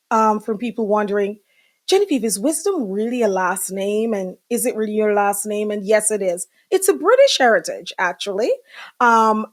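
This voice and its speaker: A middle-aged woman hosting a live podcast, talking casually and chattily with many fillers and asides to her viewers. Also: fairly high pitch. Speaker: podcast host.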